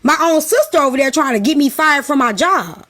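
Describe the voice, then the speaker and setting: A woman's voice: high-pitched, animated, fairly quick, fairly bright tone. A woman talk-show host, ranting bluntly and profanely in casual talk.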